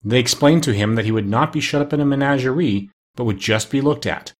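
A man narrating a children's storybook aloud in an expressive, measured reading. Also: medium pitch.

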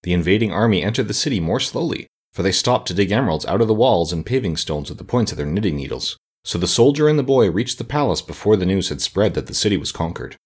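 A man narrating a children's fantasy audiobook with lively, expressive storytelling. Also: low-pitched, fast talker, hardly any pauses, husky.

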